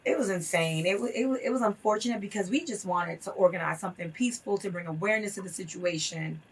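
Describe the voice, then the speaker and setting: A woman's voice: medium pitch, fast talker, slightly rough, recorded from a distance. A woman guest telling a story in an interview, earnest and impassioned, repeating phrases for emphasis.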